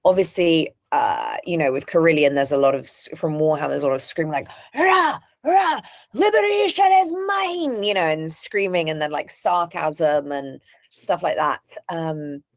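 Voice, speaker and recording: A woman voice actor as an interview guest, candid and animated, laughing often. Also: low-pitched, moderate pace, vocal fry, no room sound, clean studio sound. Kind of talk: casual interview chat.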